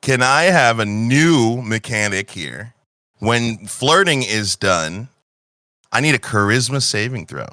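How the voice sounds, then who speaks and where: A man's voice: mid-range voice, no echo. A man narrating a tabletop role-playing game as game master, talking casually with lots of filler words. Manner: animated, quick, full of filler words.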